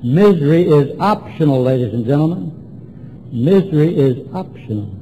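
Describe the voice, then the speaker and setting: At a recovery meeting, an AA speaker from Washington, DC, USA addresses a group in a meeting room with a folksy, repetitive, emphatic talk. His mellow voice sits on the high side and is animated, at a normal speed. The audio is poor, with slight background noise.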